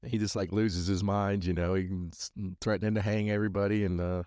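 A man's voice: fairly low pitch, level tone, brisk, darkish tone, no echo, clean studio sound. A man hosting a podcast, reviewing a show in casual, rambling talk full of fillers and restarts, speaking earnestly about his faith. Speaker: podcast host.

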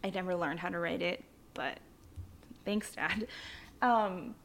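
A woman's voice: lowish voice, slow pace, creaky, slight background noise. A young woman from the Philippines telling her childhood story in a candid, chatty way, with frequent fillers and casual swearing. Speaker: vlogger.

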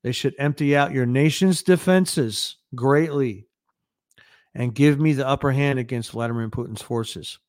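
This is an arrogant young head of state, harsh and demanding, snapping out threats in a smooth, resonant voice, as a man reads his lines aloud. The sound is close and dry. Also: medium pitch, a little slow, a little mellow, no room sound, close to an everyday voice. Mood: angry threatening. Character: young male national leader, arrogant and threatening.

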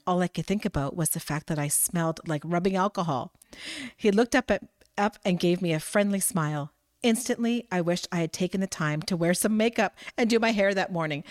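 A woman's voice: on the low side, brisk, no echo, clean studio sound. A woman reading a first-person novel aloud, narration mixed with dialogue, with occasional slips and restarts. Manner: reads with small slips and restarts. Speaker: audiobook reader.

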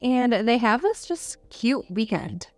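A young woman with a smooth, clear voice talks through a book's plot in an easy, chatty way, with fillers and small laughs. The sound is dry and close, and soft music sits faintly behind her. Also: fairly high pitch, very animated, slow, no room sound. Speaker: podcast co-host. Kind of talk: casual book review chat.

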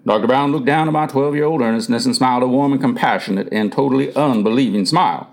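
A man's voice: mid-range voice, quick pace. A man reading a first-person memoir aloud as the narrator, earnest in tone and lifting his voice for quoted speech.

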